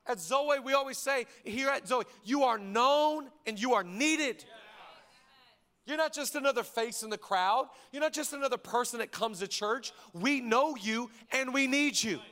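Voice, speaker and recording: A man preaching a sermon as pastor, moving from hushed, intimate stretches to loud emphatic lines and acting out quoted dialogue. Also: extremely high pitch, moderate pace. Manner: acts out dialogue in quoted voices.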